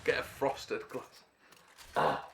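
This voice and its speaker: A man casting a live video game match, switching between rambling casual chat and quick play-by-play calls. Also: fairly bright tone, a little hiss or hum. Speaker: esports caster.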